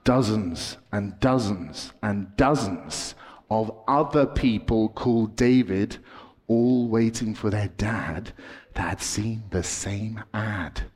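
Guy preaching to kids, slow and bouncy, big hall reverb, goes loud then whispery. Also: lowish voice, slightly rough. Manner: dramatic, swings from excited to hushed. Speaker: children's preacher. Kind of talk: storytelling sermon to children.

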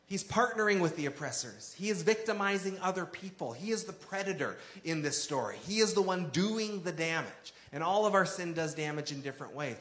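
A man's voice: sits high, expressive, a little fast, hardly any pauses, fairly bright tone, echoey room. A man preaching a sermon in a conversational way, acting out quoted lines with drama. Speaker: pastor.

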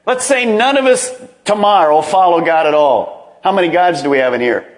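Lively-pitched man preaching a sermon. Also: moderate pace. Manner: emphatic, calls for congregation responses. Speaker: pastor.

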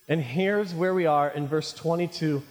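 A male pastor preaching a sermon, animated and jokey, calling his listeners friends. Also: fairly high pitch, normal speed. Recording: reverberant hall.

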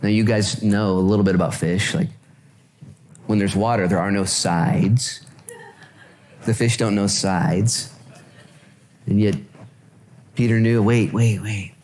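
A male pastor preaching a lively sermon at a church service, joking and repeating phrases for emphasis. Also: lowish voice, takes it slowly, pauses often, a little hiss or hum.

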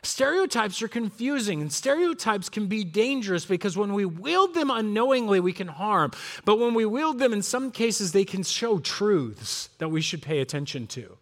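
Male pastor, higher register, earnest reflective sermon delivery with asides. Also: very animated, moderate pace, a bit bright.

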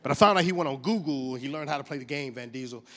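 A man of fifty preaching a sermon, telling stories with big swings in pitch and loudness. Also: very fast. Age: 50s. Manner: animated storytelling with wide swings in pitch and volume.

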